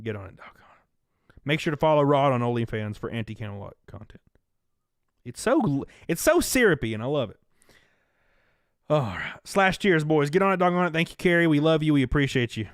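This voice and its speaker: Southern guy, young, live-stream host, lively and foul-mouthed, dry close mic, slightly high voice. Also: a little fast, pauses often, dry recording. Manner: animated, profane, reads out chat donations. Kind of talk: casual live-stream commentary.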